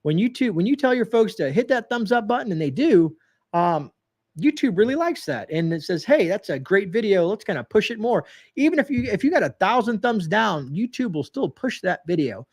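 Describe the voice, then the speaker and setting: High-voiced folksy man hosting a livestream. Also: big pitch swings, moderate pace. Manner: folksy, rambling, calls viewers folks; reads viewer comments aloud, greets chatters. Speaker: livestream host. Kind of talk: casual livestream chat.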